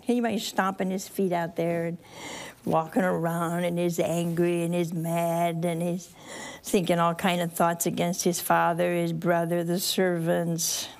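A woman's voice: fairly low pitch, darkish tone. A woman preaching a storytelling sermon to a live audience, chatty and folksy, laughing at her own asides and acting out the characters.

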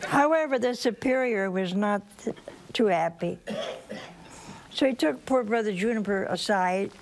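Slow-speaking woman with a sore throat. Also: medium pitch, crowd noise. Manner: plain, gentle storytelling with dry humor. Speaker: speaker telling a religious story. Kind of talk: storytelling talk to an audience.

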